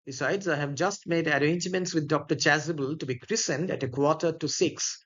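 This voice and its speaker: Algernon, a man reading as a languid, flippant young gentleman, unbothered and witty, in a plain read-aloud delivery. The voice sits slightly high. The recording is muffled and lo-fi. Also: a little fast, natural voice. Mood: airy, flippant.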